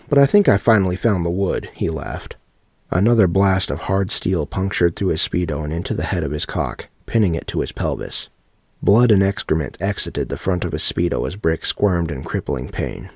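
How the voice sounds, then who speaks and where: A man with a very low, deep voice reads a horror audiobook in a steady, matter-of-fact way. The recording is dry and close, with no room sound. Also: husky, no room sound. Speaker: narrator.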